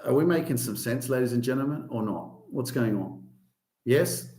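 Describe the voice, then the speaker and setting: A man hosts a casual motivational podcast, speaking emphatically, swearing often and raising his voice on key points. His medium-pitched voice is expressive and a little mellow at normal speed, and the recording has a roomy echo.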